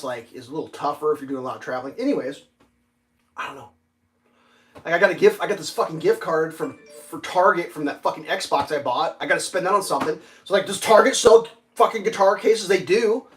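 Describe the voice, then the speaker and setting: A man with a high-pitched voice chats loosely on a livestream, rambling through a story. He swears freely and leans on fillers and restarts as he talks. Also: brisk. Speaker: livestream host. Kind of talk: casual livestream chat.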